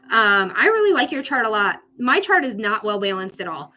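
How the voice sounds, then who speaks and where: A woman's voice: mid-range voice, sing-song, normal speed, bright, forceful tone. A woman hosting a live psychic reading stream, chatting casually with viewers and swearing now and then.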